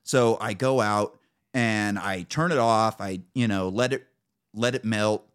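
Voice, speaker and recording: A man's voice: lowish voice, unhurried, a bit bright, clean tone. An American man hosting a podcast, casually telling profane stories and acting out what people said. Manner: profane, storytelling with acted-out quotes. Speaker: podcast host. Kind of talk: casual chat.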